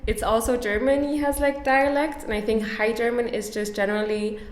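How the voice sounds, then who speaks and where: A woman's voice: a little high, steady tone, a little fast, reverberant. Chatty laughing young woman from Switzerland. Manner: chatty, laughs often, self-deprecating. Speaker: podcast guest. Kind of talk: casual interview chat.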